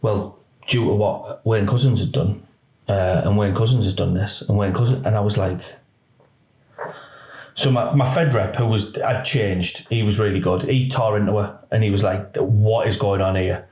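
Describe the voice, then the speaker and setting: A former police officer, speaking candidly in an interview, his story halting and emotional with many restarts. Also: fairly low pitch, steady tone, darkish tone. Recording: roomy echo.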